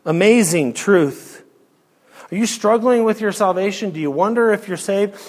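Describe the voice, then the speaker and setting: A man preaching an expository sermon, emphatic, firing rhetorical questions and dropping to a near hush. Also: high-pitched, moderate pace, long reverb tail.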